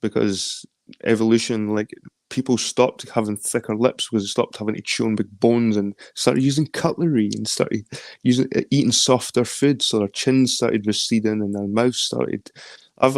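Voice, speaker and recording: A man's voice: medium pitch, steady tone, moderate pace, dry recording. Rambling Scottish man, dry sound. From London. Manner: rambling, swears casually. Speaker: chat guest. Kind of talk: casual late-night chat.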